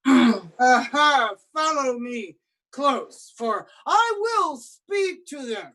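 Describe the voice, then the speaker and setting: Woman as Tybalt, hot-tempered, slow, swooping high voice. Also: very animated, bright, forceful tone, slight background noise, exaggerated voice. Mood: taunting. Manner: drawn-out, taunting. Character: swaggering, hot-tempered young male Tybalt.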